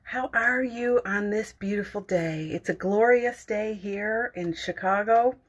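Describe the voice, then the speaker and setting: A middle-aged woman hosting a casual morning livestream from home, gentle and giggly, greeting viewers and reading their comments aloud. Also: mid-range voice, measured pace, slightly rough.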